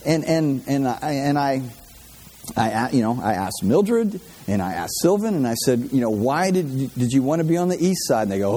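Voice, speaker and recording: Very animated, with a mellow, slightly rough mid-range voice at a moderate pace, a man leads a Bible class in a casual sermon style. He speaks conversationally, often repeating himself and restarting, and poses questions to the audience.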